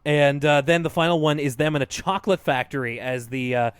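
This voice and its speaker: A man's voice: fairly high pitch, a little fast, clean tone, dry recording, studio quality. A man co-hosting a podcast, talking casually about a cartoon episode and laughing often. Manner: chatty, laughs often, jokey. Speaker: podcast co-host. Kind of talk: casual chat.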